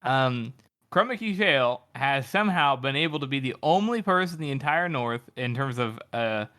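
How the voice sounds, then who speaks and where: A man's voice: mid-range voice, moderate pace. A man co-hosting a podcast, chatting animatedly about a book and swearing freely. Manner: animated, swears, loud quoted lines. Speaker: podcast co-host. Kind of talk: casual book discussion.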